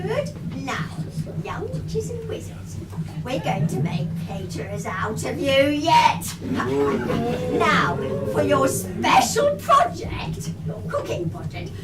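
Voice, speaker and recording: A woman playing a fussy, motherly witch teacher on an amateur pantomime stage, loudly exclaiming and scolding her pupils. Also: sits high, huge pitch swings, takes it slowly, over loud music, exaggerated voice. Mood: fussing. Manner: loud, fussing, exclaiming, mock-scolding. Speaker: pantomime performer. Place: village club hall stage. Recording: echoey hall from far off, loud audience.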